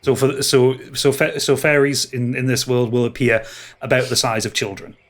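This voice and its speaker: A man narrating as game master, halting and restarting often. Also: mid-range voice, level tone.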